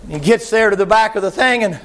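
A man preaching a sermon, telling a story dramatically in long repetitive lists and bursting into shouts. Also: sits high, fast talker.

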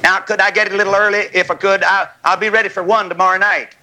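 A man preaching a revival sermon in a tent, folksy and fiery, rising to shouts, with a congregation calling back amens. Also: high-pitched, steady tone, quick pace, crowd noise, low-quality recording. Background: congregation calling amen.

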